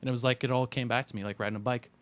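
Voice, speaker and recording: A man's voice: mid-range voice, steady tone, rapid-fire, fairly bright tone. A young man in casual chat who talks hesitantly and keeps saying "like" while giving his opinion. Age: young adult. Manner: hesitant, fills with "like" a lot. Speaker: guest taste-testing drinks.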